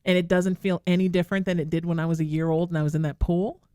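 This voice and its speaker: Woman, radio host, soothing and tearful, smooth voice, dry studio sound. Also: on the low side, fairly even intonation, quick pace, warm tone, no room sound. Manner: soothing, affectionate, calls the caller sweetheart. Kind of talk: emotional advice to a caller. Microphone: studio microphone.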